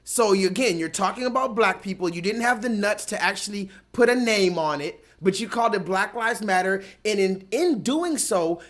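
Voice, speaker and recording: A man with a high voice hosts his own show, ranting in a heated, profane way. He talks emphatically and stresses his points over and over. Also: a bit bright. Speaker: host. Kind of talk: ranting commentary.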